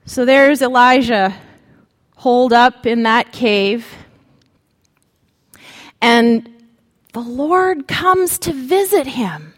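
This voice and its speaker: A woman preacher giving a sermon, speaking slowly and dramatically with long pauses. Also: fairly high pitch, big-room sound.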